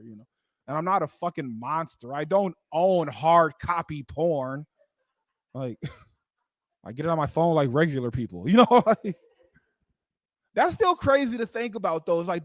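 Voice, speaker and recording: A man's voice: fairly high pitch, no room sound. A man performing a live stand-up comedy set into a stage mic, rambling with lots of "like" and laughing at his own jokes. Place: live comedy show venue.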